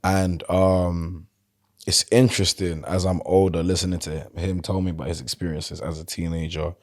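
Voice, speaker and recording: A man with a South London accent, chatting casually as a podcast guest and telling stories in a relaxed, loose way. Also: deep voice, normal speed. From London, England. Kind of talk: casual conversation.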